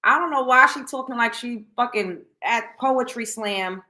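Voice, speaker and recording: A woman hosting a casual reaction commentary show, talking in a blunt, profane, animated way. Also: on the high side, unhurried.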